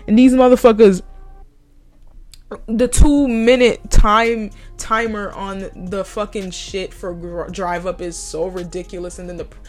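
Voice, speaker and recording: A young woman ranting heatedly and sarcastically in a profane vlog monologue. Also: mid-range voice. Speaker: vlogger.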